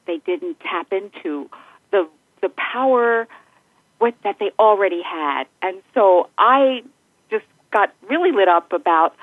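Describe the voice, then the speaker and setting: A middle-aged woman speaks as an interview guest, warm in her wording and heartfelt, laughing easily between thoughts. Her voice comes through a thin, phone-like line with a dry, close sound. Her pitch sits in an ordinary middle range. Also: no echo. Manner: effusive and heartfelt, laughs often. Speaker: podcast guest, joy and empowerment facilitator. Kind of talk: interview conversation.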